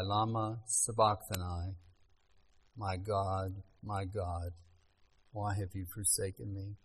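A man preaching a sermon, reading scripture aloud in an earnest, measured way with pauses. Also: fairly low pitch, fairly bright tone, low-quality recording.

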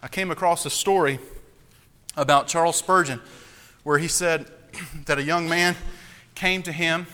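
A man preaching a sermon, emphatic, repeating key phrases and slowing down to stress them. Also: a little high, fairly even intonation, sharp tone, long reverb tail.

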